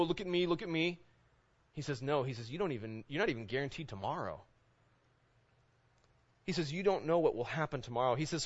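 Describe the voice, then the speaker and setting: A man's voice: sits high, a bit bright, highs cut off. A man in his thirties preaching a sermon in a conversational way, full of rhetorical questions. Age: 30s. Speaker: pastor.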